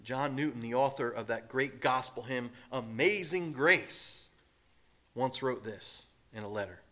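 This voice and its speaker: A man preaching a sermon in an emphatic way, swinging from raised declarations down to hushed, whispered lines. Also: mid-range voice, a little slow.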